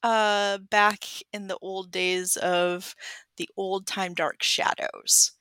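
A woman's voice: medium pitch, little pitch movement, takes it slowly, bright, forceful tone, clean tone, dry recording. A woman co-hosting a podcast and chatting casually about a film, rambling with many hesitations and giggles. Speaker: podcast co-host. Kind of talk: casual movie-review chat.

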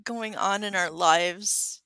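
Bright, rambling woman podcast host. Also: mid-range voice, takes it slowly, smooth, no echo. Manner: rambling, hesitant, giggly. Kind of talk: casual movie-review chat.

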